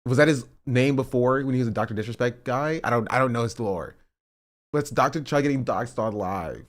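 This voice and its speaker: A man's voice: medium pitch, a little fast. A man hosting a casual reaction stream, rambling and amused as he talks to his chat.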